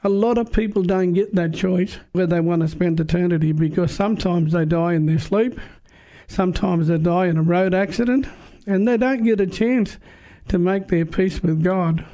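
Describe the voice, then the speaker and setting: A man's voice: high voice, normal speed, mellow. A man preaching and giving his personal testimony in an earnest, emphatic, plain-spoken way. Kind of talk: testimony sermon.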